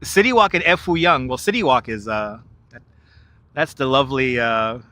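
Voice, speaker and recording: Walking along the river in Manhattan, a live-streamer chats with his viewers, cracking jokes and laughing frequently. His medium-pitched voice is pushed and bright at a moderate pace, with no room sound on the wireless clip-on mic.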